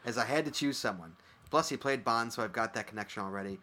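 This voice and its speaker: A man's voice: mid-range voice, fast talker, sharp tone. A man co-hosting a casual podcast, reading listener emails aloud, joking, laughing often and swearing casually. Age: adult with a son. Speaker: podcast co-host.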